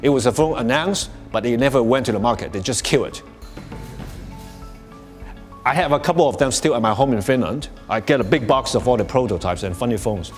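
Soft background music plays while a man with a medium, expressive voice speaks fairly quickly to a workshop audience. His explanations are casual and full of restarts and "you know"s, punctuated by frequent chuckles.

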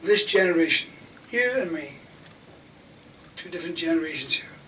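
A man's voice: on the high side, expressive, normal speed. Impassioned man lecturing from afar. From Scotland. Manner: rhetorical, indignant, swings between loud emphasis and near-whispers. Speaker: defence lawyer giving a lecture. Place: university lecture hall. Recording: distant mic in a lecture hall, faint room noise.

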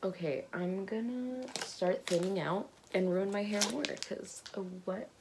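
A woman's voice: medium pitch, unhurried, background noise. A young woman vlogging from her bedroom, talking nervously and giggling between gasping exclamations. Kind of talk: casual vlog chat. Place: bedroom at home.

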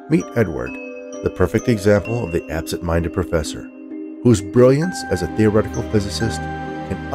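A man with a very deep voice narrates a story in a theatrical way, his pitch rising and falling a lot. Soft music plays underneath. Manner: theatrical, lively delivery.

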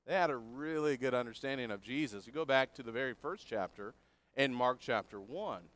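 A man's voice: mid-range voice, fairly quick, a bit bright. A man preaching a sermon, working through a passage verse by verse in an earnest, explanatory way and putting questions to his listeners.

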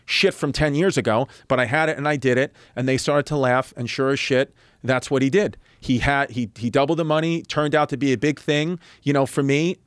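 A man in his thirties, a comedian and podcast guest, telling a story in casual chat, animated and profane, acting out other people's lines as he goes. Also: medium pitch, no echo, clean studio sound. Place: podcast studio.

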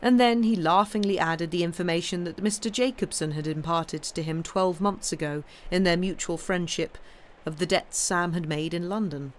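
A woman reading a classic story aloud on a live stream, with steady, expressive narration. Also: fairly low pitch, normal speed. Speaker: reader of classic stories.

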